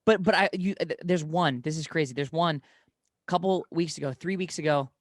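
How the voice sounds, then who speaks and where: Young man, somewhat high voice, dry close sound. Rambling storyteller who keeps circling back and correcting himself. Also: brisk, no echo. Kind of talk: casual conversation.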